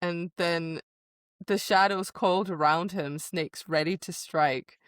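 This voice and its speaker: A woman with a fairly low voice chats casually on a book podcast, recorded close and dry with no room sound. She retells scenes with animation, slips into quoted lines and laughs often. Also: fairly even intonation, takes it slowly, a bit bright, no room sound. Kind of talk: casual book discussion chat.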